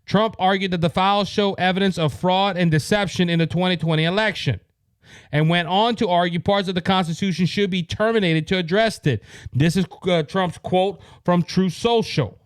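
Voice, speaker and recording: A man's voice: high-pitched, moderate pace, clear, resonant tone, no echo. A man with a Cajun Louisiana accent hosting a political commentary podcast, talking in a heated, repetitive way that rises to exasperation. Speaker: podcast host.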